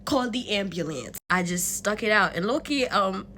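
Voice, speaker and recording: A young woman telling a storytime vlog in an animated, slangy way, with swearing and laughter. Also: medium pitch, normal speed, slight background noise. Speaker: vlogger.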